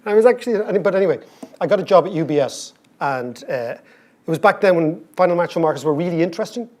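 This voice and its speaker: An Irish man in his fifties, a conference speaker telling comic stories with lively, irreverent asides and casual swearing. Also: high-pitched, fast talker. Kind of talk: comic storytelling talk.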